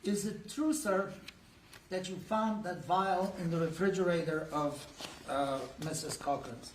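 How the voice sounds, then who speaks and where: A man's voice: high-pitched, unhurried, slight background noise. A man working as a defense attorney, cross-examining a witness in a courtroom with pressing, leading questions.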